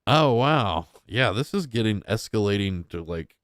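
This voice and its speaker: A man's voice: lowish voice, big pitch swings, measured pace, heavy background noise. A young man giving casual, crude and mocking reaction commentary as a streamer.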